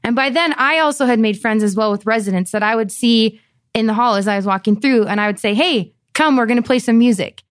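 A woman's voice: fairly high pitch, a little fast. Bubbly young woman telling a story. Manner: animated, acts out quotes. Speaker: pianist and volunteer. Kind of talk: storytelling interview.

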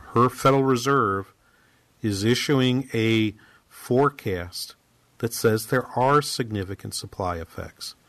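A man's voice: mid-range voice, no echo. An analytical male radio talk host who sometimes hesitates mid-thought. His voice sits mid-range and sounds dry, close and clean.

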